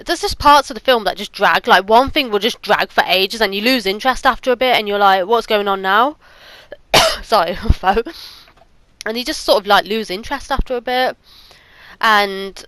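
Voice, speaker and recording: A woman's voice: medium pitch, pushed and bright, no room sound, rough recording. A woman giving a casual, rambling spoken movie review, often stopping to search for words.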